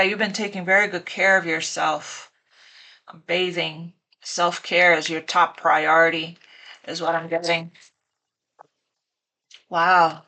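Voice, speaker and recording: Speaking on the low side, a woman with a bright, forceful tone does a casual tarot reading. She's emotional and on the verge of tears, gushing and circling back to repeat herself.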